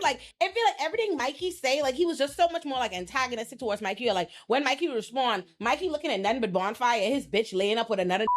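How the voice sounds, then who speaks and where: A young woman hosting a casual reality TV commentary, blunt and profane, acting out the people she quotes. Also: high-pitched. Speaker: pop culture commentator host.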